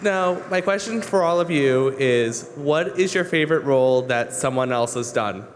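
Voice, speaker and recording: A man's voice: mid-range voice, lively intonation, normal speed, a faint crowd, slight background noise. A man in the audience earnestly asking the panel a formal question.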